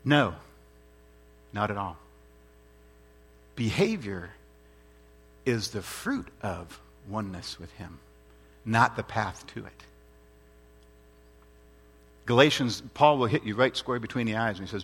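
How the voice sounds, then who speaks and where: A man's voice: lowish voice, sing-song, takes it slowly, pauses often, fairly bright tone, slightly rough. A man preaching a sermon in an earnest, emphatic way, repeating his points and asking rhetorical questions.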